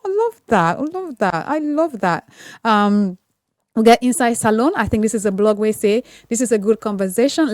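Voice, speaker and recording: A woman's voice: mid-range voice, dry recording, studio quality. A woman hosting a radio breakfast show, reading listener comments in casual chat and thanking people again and again. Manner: warm, effusive, repeats thanks often. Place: radio studio.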